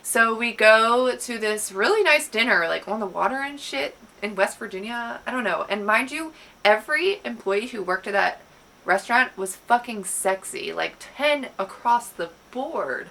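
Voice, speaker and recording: Young woman, bright and high-pitched, chatty storyteller who swears a lot and acts out quotes. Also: moderate pace, gravelly. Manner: animated, profane, acts out quotes. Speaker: vlogger. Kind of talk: storytime vlog.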